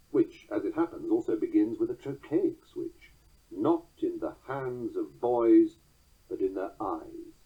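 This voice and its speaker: A man with a very husky, breathy voice delivers a prepared lesson on poetic meter. His intonation rises and falls widely as he explains. The sound is thin and boxy, like a voice heard over a phone line. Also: mid-range voice. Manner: measured, slows down to recite quoted verse. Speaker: teacher explaining verse meter. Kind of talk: scripted lecture narration.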